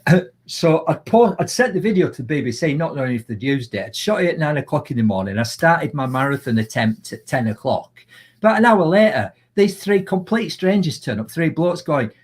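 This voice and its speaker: A man with a Yorkshire accent, chatting as a guest in a live video call and telling lively, animated anecdotes. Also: fairly high pitch, a little fast, husky. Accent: Yorkshire English. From Yorkshire, England. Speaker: guest, motivational speaker. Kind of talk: casual storytelling in a live video chat.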